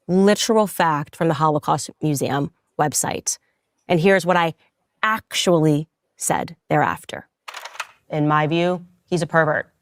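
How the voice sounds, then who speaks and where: A woman's voice: on the low side, dry recording, studio quality. A woman in a played clip, arguing her case indignantly with pointed rhetorical questions. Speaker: commentator defending herself.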